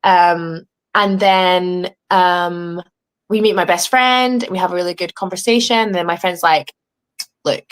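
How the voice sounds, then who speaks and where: A young woman with an English accent talks through her story from home in a casual interview. She is animated and swears freely. She voices other people's lines as she retells what happened. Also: fairly low pitch, measured pace, clean tone. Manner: animated, swearing, acting out quoted dialogue. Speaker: reality show contestant, guest.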